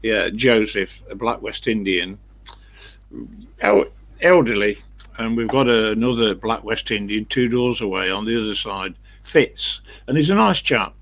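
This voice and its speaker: A man's voice: fairly low pitch, expressive, unhurried, creaky, a bit bright, poor audio. An older man chatting casually and bluntly with livestream viewers, rambling through anecdotes. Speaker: livestream host.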